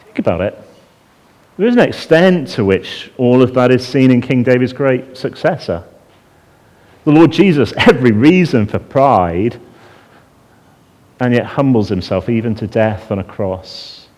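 A man preaching a sermon, animated, acting out a crying child in a high voice and dropping to a hush on calming words. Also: unhurried, pauses often. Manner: drops to a hushed voice on calming phrases.

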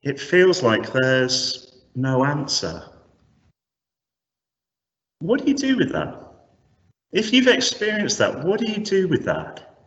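Guy preaching a sermon, lively voice jumping around, far off in a big echoey church, bit dull. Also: on the high side, slow, pauses often. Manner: animated, rhetorical, varied emphasis. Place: church hall. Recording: echoey hall from a distance, slightly dull.

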